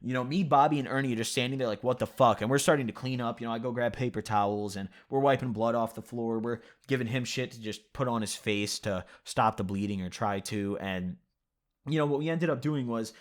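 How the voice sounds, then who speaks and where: A man's voice: medium pitch, brisk. A young man vlogging at his computer, telling a loose, profane story in casual chat, full of "you know" and "like". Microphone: computer mic at a desk.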